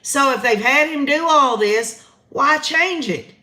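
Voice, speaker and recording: A woman's voice: high voice, slow, bright, forceful tone. A woman with a Southern American accent hosting a casual livestream, chatting straight to her viewers. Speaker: livestream host. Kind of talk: casual live commentary.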